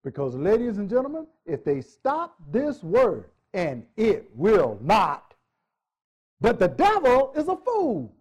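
A man's voice: high-pitched, huge pitch swings, slow pace, a little mellow, breathy edge. A male pastor preaching a sermon in a church, emphatic, repeating phrases and joking with the congregation.

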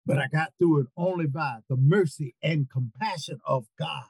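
An older man preaching a sermon over a video call, repeating words and rising into near-shouts. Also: a little high, normal speed, gravelly, hardly any pauses, husky, no room sound, low-quality recording.

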